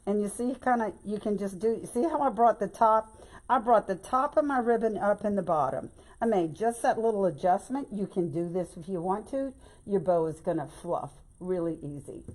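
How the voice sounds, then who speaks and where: A woman talks viewers through a craft step by step in a relaxed live-stream tutorial. Her manner is chatty and folksy, full of "y'all" and "babe". Her voice sits at a middle pitch. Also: moderate pace. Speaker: bow-making instructor.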